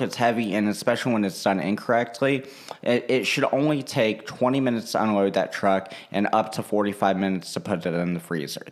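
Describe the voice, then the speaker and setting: Animated, slightly low-voiced man telling a story. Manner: animated, swears freely, slips into quoting people. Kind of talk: casual storytelling chat.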